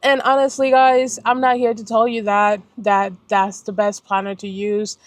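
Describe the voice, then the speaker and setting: A woman's voice: mid-range voice, flat delivery, normal speed, no echo. Chatty young woman from Puerto Rico. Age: young adult. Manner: chatty, rambling, self-correcting and apologetic. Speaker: planner vlogger. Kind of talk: casual chat.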